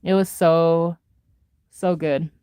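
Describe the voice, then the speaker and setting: A woman vlogger in a casual reaction chat, gushing and excitable, laughing often and swinging between loud highs and soft mutters. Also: slow, clean tone, no room sound, clean studio sound.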